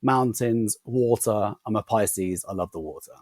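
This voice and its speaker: A man with a non-rhotic accent that drops his R's, a podcast guest telling a casual, animated story. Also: on the low side, a little slow, dry recording. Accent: non-rhotic English, drops R sounds. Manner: animated, laughing anecdote teller.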